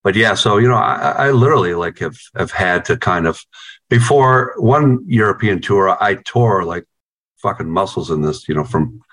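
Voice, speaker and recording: A man with a fairly low voice spins loose, rambling stories on a video call, peppering every sentence with swearing and "you know." He sounds like a band guitarist chatting casually with an interviewer rather than giving polished answers. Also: lively intonation, normal speed, a bit bright.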